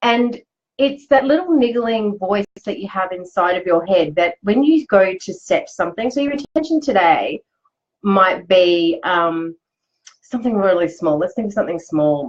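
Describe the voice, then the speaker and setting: A woman's voice: mid-range voice, animated, normal speed, highs cut off. A woman, hosting a chatty, upbeat live motivational talk. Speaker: host. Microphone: live video stream.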